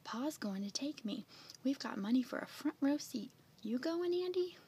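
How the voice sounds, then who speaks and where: Brief: eager boy, high and bragging, read by a woman. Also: lively intonation, normal speed, warm tone, far from the mic. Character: boy bragging about the circus.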